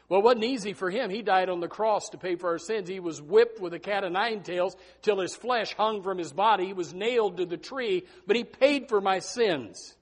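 A man preaching a sermon as pastor, animated and folksy, breaking into snatches of hymns. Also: sits high, fairly quick, few pauses.

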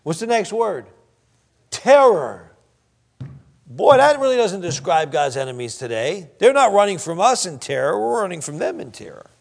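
Preaching from the pulpit, this male pastor has a high-pitched voice with vocal fry and a very animated delivery. Scripture comes out slow and deliberate, broken by hushed asides before he builds again to emphatic moments.

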